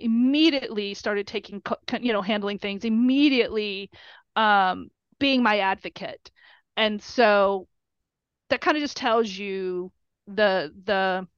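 A woman's voice: medium pitch, no echo, dull audio. A middle-aged woman, a mother, telling a story casually and emotionally, with many fillers and quoted dialogue. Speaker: mother of a college football player.

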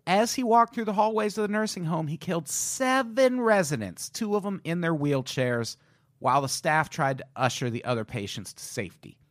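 A man's voice: on the high side, expressive, normal speed, fairly bright tone, no echo. A man co-hosting a comedy true-crime podcast, reading the case casually and swearing as he goes. His voice swings widely up and down as he jokes around. The sound is dry and close, with no room around it. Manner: profane, joking tangents while reading a case. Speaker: podcast co-host.

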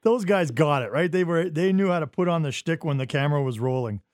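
A man's voice: a little high, lively intonation, a little mellow, no room sound. Dry-sounding man hosting a podcast. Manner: quick reactions, easy chatter. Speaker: podcast host. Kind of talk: casual chat.

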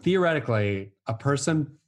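A man's voice: medium pitch, expressive, moderate pace. A man in casual chat as a podcast co-host, talking in an emphatic, joking way.

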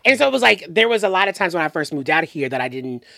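A man from the southern United States chats as a podcast guest, his pitch swooping up and down as he talks. He speaks animatedly and loosely, stacking "like"s and restarting thoughts. The mic is close and dry, with no room sound. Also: fast talker, vocal fry, no room sound. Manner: animated, filler-heavy, lots of "like" and restarts. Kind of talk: casual chat.

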